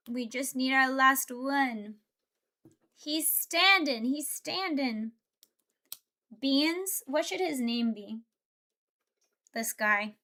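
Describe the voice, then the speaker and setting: A woman's voice: sits high, sharp tone. A young woman VTuber chatting playfully with her live chat while she builds a Lego set. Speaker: VTuber streamer.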